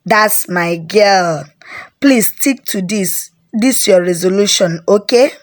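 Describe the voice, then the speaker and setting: A woman voicing a caring aunt who gently comforts her niece in a told story. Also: mid-range voice, takes it slowly, natural voice. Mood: gentle. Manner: soothing, gentle.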